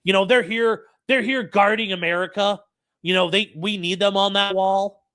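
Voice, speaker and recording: A man's voice: high-pitched, fairly even intonation, moderate pace, bright, forceful tone, dry recording, studio quality. A man hosting a legal commentary stream, reading court records aloud to his chat and ranting about them with profane sarcasm. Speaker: host and lawyer commenting on a court case.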